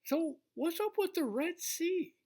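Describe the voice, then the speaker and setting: A woman in a casual faith discussion, asking unhurried questions about belief. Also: very high voice, lively intonation, warm tone.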